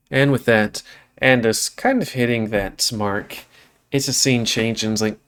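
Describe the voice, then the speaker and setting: A man's voice: mid-range voice, very animated, unhurried. A man hosting a let's play, reading a visual novel aloud dramatically and then chatting casually.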